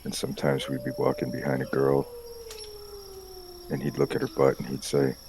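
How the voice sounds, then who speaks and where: A man talking as a player in a tabletop game, relaxed and folksy. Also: a bass voice, moderate pace, creaky, a little hiss or hum. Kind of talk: casual chat at a game table.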